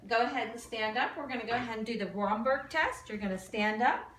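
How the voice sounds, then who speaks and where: Heard from a distance in an echoing room over faint room noise, a woman with a fairly high voice walks through a clinical exam step by step. She is a nursing student giving a demo, calm but a little fast, with fillers in her speech.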